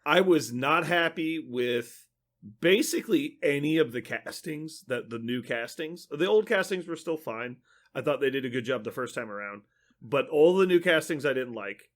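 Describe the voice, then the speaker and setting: A man's voice: fairly high pitch, animated, moderate pace. A man hosting a podcast, chatting casually and trailing off at the end of his phrases. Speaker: podcast host. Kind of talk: casual chat.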